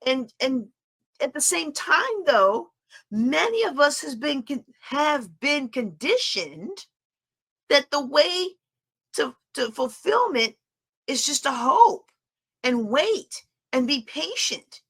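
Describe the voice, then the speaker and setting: A middle-aged woman leads a faith-based lesson in a high, bright voice. She speaks emphatically, often repeating a phrase to drive her point home. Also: big pitch swings, slow pace, creaky. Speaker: Bible study teacher. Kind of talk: faith-based teaching talk.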